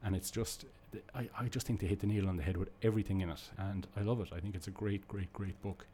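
A man's voice: sits low, fairly even intonation, quick pace, warm tone. A man giving a casual, enthusiastic comic book review, rambling and restarting his sentences. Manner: rambling, with frequent restarts and fillers. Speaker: podcast host reviewing comics.

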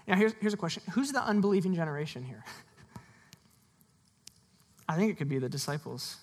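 A pastor giving a sermon in a relaxed, conversational way, laughing often and briefly voicing the people in the passage. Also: medium pitch, normal speed, pauses often, breathy edge.

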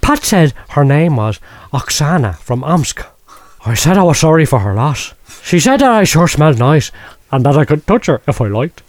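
A man puts on a strange, lecherous storyteller who rambles on in heavy dialect. The voice sits noticeably deeper than his own. It is recorded dry and close, with no room sound. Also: sing-song, moderate pace, no room sound. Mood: rambling. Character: rambling lecherous oddball Irish man, unhinged. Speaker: podcast host reading a listener letter. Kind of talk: comic letter reading in character.

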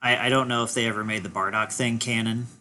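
A man co-hosting a podcast, talking in a relaxed, rambling way. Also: mid-range voice, fast talker, a little hiss or hum. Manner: relaxed, rambling with fillers and restarts. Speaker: podcast co-host. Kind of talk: casual chat.

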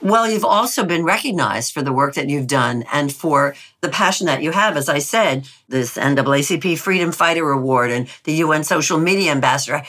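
Low-voiced woman interviewer. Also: lively intonation, fairly quick, hardly any pauses, a bit bright. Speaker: interviewer, host. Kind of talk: interview questions.

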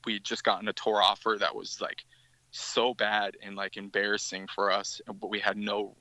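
A man's voice: fairly low pitch, level tone, moderate pace, bright, forceful tone, dry recording, poor audio. A man, a band's guitarist, telling a rambling story in a casual podcast interview, with many restarts. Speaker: musician guest.

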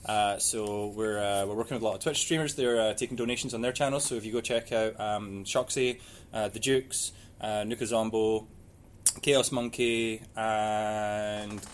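Halting Glaswegian man co-hosting. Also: on the low side, steady tone, a little hiss or hum. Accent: Glaswegian Scottish. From Scotland. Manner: halting, full of ums while reading out messages. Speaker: podcast co-host. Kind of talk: casual chat. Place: podcast studio.

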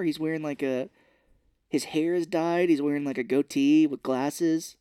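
Male podcast co-host for a lively, profane movie recap with a dry, close-miked sound. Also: normal speed, clear, resonant tone, dry recording. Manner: animated retelling, acts out characters' lines in high voices; swears freely. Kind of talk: casual movie recap chat.

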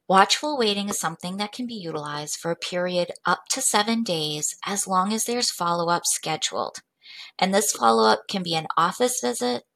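A woman presenting a medical case study in a measured, clinical way. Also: mid-range voice, creaky, fairly bright tone. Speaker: medical educator.

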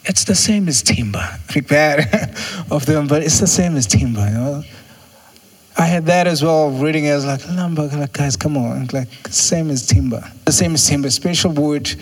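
A man's voice: normal speed, husky. A man preaching a sermon in a conversational way, acting out little quoted exchanges. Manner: conversational, acts out quotes with jumps in pitch.

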